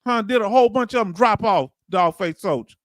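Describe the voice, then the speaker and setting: A man's voice: high voice, a little fast, fairly bright tone, dry recording, clean studio sound. A man with a Southern US accent hosting a casual livestream, chatting loosely and calling out to viewers as he reads their comments. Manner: loose, folksy, calls out to viewers. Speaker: livestream host.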